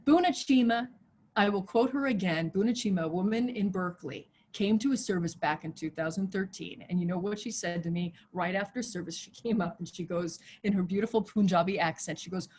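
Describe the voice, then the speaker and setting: A woman pastor delivers an impassioned sermon over a video call, her voice slightly breathy and husky. She climbs to loud, soaring exhortations, then sinks into a soft, hushed prayer tone. She sits at a medium pitch for a woman. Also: fairly quick. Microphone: video call mic.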